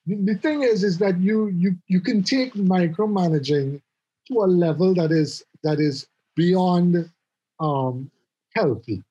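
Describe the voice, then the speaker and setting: Man, middle-aged, husky, casual chat, storytelling. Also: sits high, measured pace, highs cut off. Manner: animated storytelling, repeats words. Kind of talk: casual conversation.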